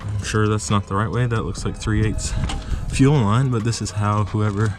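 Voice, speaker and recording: A man's voice: on the low side, fairly even intonation, moderate pace, over music. Breathless man fixing his truck engine. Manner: rambling, self-interrupting, talks to the camera. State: out of breath, sick. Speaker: car repair vlogger. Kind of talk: casual how-to narration while working. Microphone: action camera.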